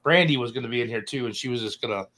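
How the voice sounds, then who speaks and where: A man's voice: medium pitch, rapid-fire, a bit bright. Man hosting a loose, rambling podcast. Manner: loose, rambling, trips over guests' names. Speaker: podcast host. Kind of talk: casual live-stream chat.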